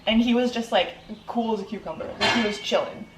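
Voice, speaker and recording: A woman's voice: on the high side, fairly quick. A young woman podcast host telling a personal story in a casual, chatty way, with lots of "like" fillers. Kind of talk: casual chat. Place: indoors in Hawaii. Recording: roomy echo with faint noise.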